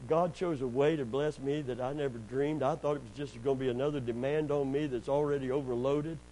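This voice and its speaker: A middle-aged pastor, preaching in a folksy storytelling way, sprinkling in amens and praise God, and rising loud and high when he gets worked up. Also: fairly even intonation, brisk, slight background noise, rough recording. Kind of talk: sermon.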